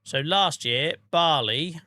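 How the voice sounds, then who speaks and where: A man's voice: a little high, slow, sharp tone, dry recording, studio quality. Chatty Norfolk-accented man streaming a game. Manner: chatty, laid-back, talking to chat while playing. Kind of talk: casual gaming stream chat.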